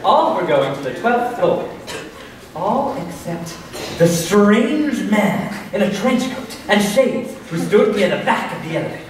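A man's voice: high voice, sing-song, measured pace, crowd noise. A young man narrating a comic stage sketch in a hammy way, correcting himself as he goes. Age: young adult. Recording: echoey hall, distant mic, noisy.

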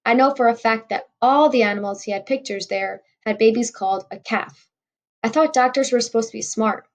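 A woman's voice: a little high, brisk. A woman reading a novel aloud in a wry first-person storytelling voice. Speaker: audiobook reader.

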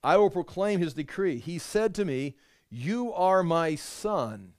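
Man, Bible teacher, earnest conversational delivery, fairly high voice, dry close sound. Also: expressive, takes it slowly, a little mellow, no echo. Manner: earnest, conversational, restarts thoughts mid-sentence.

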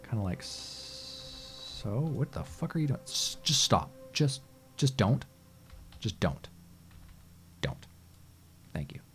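Exasperated low-voiced gamer man swearing. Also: vocal fry. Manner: exasperated, swears and talks to the game. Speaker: gaming channel host. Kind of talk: casual let's-play gameplay commentary.

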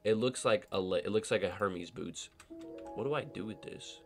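Young male gaming creator, nasal, just-woke-up voice, low-pitched, joking self-talk, faint music underneath. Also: moderate pace, gravelly. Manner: talks to himself, joking asides and silly voices. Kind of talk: casual gameplay commentary.

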